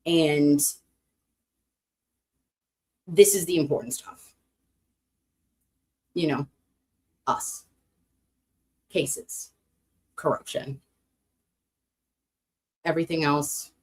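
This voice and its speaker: An American woman streaming casually to her chat, animated, cursing freely, and swinging up high when excited. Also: drawn-out words, long pauses. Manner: animated, swearing, talks to chat.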